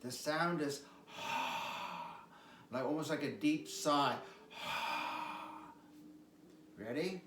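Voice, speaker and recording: A man teaching qigong, calmly cueing stretches and breathing sounds with repeated prompts. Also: fairly high pitch, moderate pace, hardly any pauses, a little hiss or hum. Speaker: qigong instructor. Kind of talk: guided exercise instruction. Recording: echoey room, mic at a distance.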